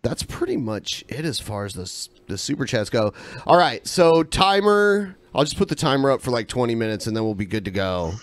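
A man hosting a live podcast, reading viewer messages aloud with casual fillers and pauses between them. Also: mid-range voice, very animated, dry recording. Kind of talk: casual live-stream chat. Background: panel of co-hosts.

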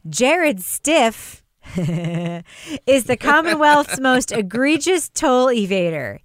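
A woman's voice: high voice, no echo, studio quality. A woman hosting a podcast panel, reading a news item wryly and then chatting with her guests. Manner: wry, reads news items then riffs. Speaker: podcast host. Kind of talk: casual panel talk with scripted segments.

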